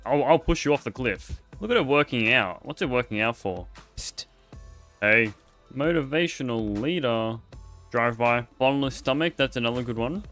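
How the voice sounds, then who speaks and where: A man's voice: mid-range voice, animated, normal speed, a bit bright, faint music behind. A young man giving playful, jokey commentary over a video game, chatting to the creatures on screen as he plays. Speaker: gaming video host. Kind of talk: casual gameplay commentary.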